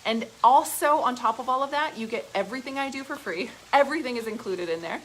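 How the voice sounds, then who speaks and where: A woman business coach on a live stream, giving an excited, profane pep talk to her audience, heavy on emphasis and filler words. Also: a little high, fast talker, slight background noise, rough recording. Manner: excited and gushing.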